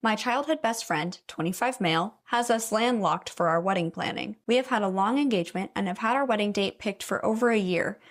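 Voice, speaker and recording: A woman's voice: mid-range voice, brisk, hardly any pauses. A young woman reading out stories and reacting to them, blunt and opinionated, swearing freely. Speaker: story reader and commentator. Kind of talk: casual reaction commentary.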